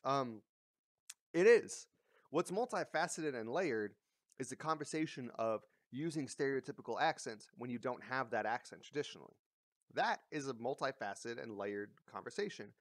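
A man's voice: medium pitch, a bit bright, no room sound, clean studio sound. A man giving a casual, blunt ranting commentary, mocking and swearing freely as he talks. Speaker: commentary vlogger. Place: lives in a big coastal city.

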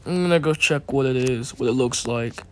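A man's voice: medium pitch, moderate pace, a little hiss or hum. A young man casually commenting on his gameplay in a laid-back, chatty way and teasing his in-game pet. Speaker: gaming channel host. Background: loud game music.

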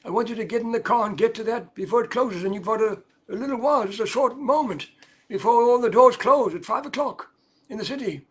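A man's voice: very high voice, brisk, a bit bright, slightly rough, full character voice. A man voicing a boss urgently ordering a young man to hurry on an errand. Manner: commanding, urgent.

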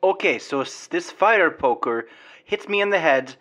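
Young man, comedy dub, playful, mock-dramatic, somewhat high, bright. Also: lively intonation, normal speed. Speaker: comedy dubber. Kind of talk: improvised comedy dub of an old film.

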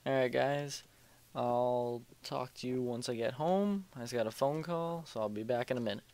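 A man's voice: medium pitch, normal speed, darkish tone. A young man casually commentating his gameplay at home, rambling, joking and muttering to himself as he plays. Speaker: let's play host. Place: home room at night.

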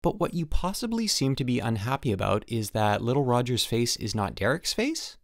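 Animated male audiobook narrator. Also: medium pitch, moderate pace, vocal fry, dry recording, clean studio sound. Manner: animated, emphatic on the product name. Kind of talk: first-person audiobook narration of a letter. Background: faint background music.

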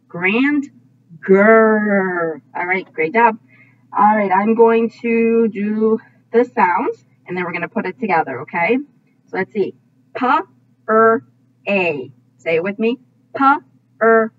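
A woman teaching a phonics lesson to young children, slowly modeling each sound and praising often. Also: medium pitch. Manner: slow, drawn-out sound modeling with frequent praise. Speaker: kindergarten teacher. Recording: tinny phone-like audio.

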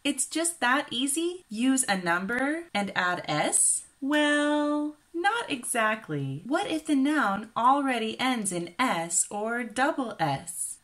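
Slow, lively Midwestern woman teacher. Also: a little high. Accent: Midwestern American. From Kansas, USA. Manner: clear, careful, enunciated teaching delivery. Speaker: English teacher. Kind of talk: slow scripted ESL lesson.

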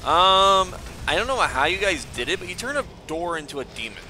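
A man commenting on his own gameplay, excitable and joking, swearing often and taunting the enemies. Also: high voice, fairly quick, slight background noise. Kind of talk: let's play commentary.

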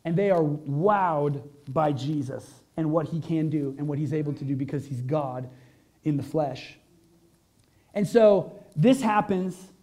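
A man's voice: on the high side, mellow. A male pastor preaching a conversational sermon to a congregation, full of rhetorical questions and emphatic peaks.

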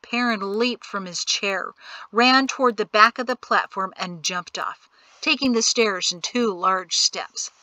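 A woman narrating an audiobook in an even, measured storytelling manner. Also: mid-range voice, dry recording, rough recording. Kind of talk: scripted narration.

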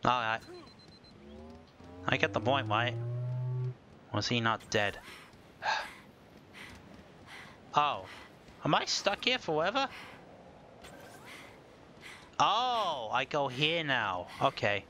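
Lively, unhurried joking gamer guy. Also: medium pitch, a little hiss or hum. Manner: jokey, mock-dramatic, talks to himself. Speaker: gaming video host. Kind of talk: casual gameplay commentary. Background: game music.

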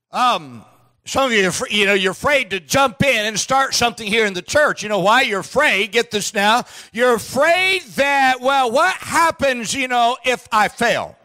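A man preaching a sermon in a church, emphatic, with frequent restarts and bursts of shouting. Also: extremely high pitch, expressive, moderate pace. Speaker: pastor. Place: church sanctuary.

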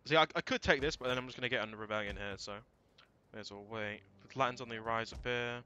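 A man thinking aloud through a strategy game, casual and prone to swearing and sudden shouts. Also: medium pitch, fast, muffled recording, a little hiss or hum. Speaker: let's play gamer. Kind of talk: casual gameplay commentary.

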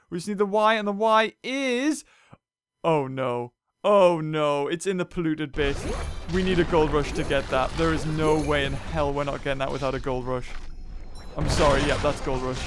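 A woman hosting a let's play, excitable, muttering low then bursting into loud outbursts. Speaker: gaming channel host. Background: game music.

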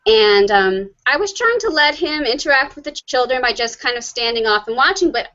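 A woman with a fairly high voice hosting a live online chat show. She talks in a chatty, rushed way, and the recording sounds dull and lo-fi. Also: expressive, bright, forceful tone. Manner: chatty, rushes through announcements. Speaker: host.

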